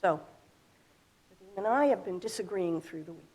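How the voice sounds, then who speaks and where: A woman's voice: mid-range voice, animated, moderate pace, a little mellow. A middle-aged woman giving a sermon in an earnest, explaining way, asking rhetorical questions. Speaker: speaker at a congregation.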